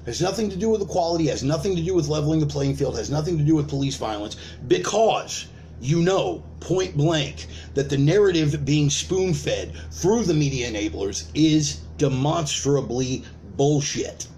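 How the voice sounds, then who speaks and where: A man preaching an online sermon rants in an animated, profane, emphatic way, building his points through repetition and rhetorical questions. His voice is on the high side with a dark tone and moderate pace, over slight background noise.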